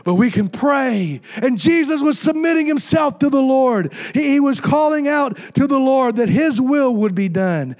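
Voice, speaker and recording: A man's voice: extremely high pitch, expressive, normal speed, few pauses, darkish tone. A man preaching a sermon, reading scripture and tossing call-and-response asides to the congregation, with the occasional joke. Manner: jokes with congregation. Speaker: pastor.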